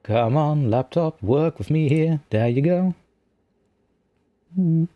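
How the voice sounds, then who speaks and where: A man chatting casually on a live stream, rambling and poking fun at himself as he fumbles with his software. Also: fairly high pitch, expressive, slow pace, no echo, dull audio. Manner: rambling, self-mocking, talks to himself while fiddling with software.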